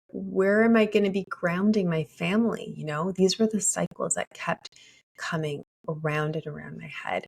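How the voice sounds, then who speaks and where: Husky, gravelly woman telling her story. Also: lowish voice. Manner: candid, emotional, laughs often while telling. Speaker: podcast host. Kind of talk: personal storytelling monologue.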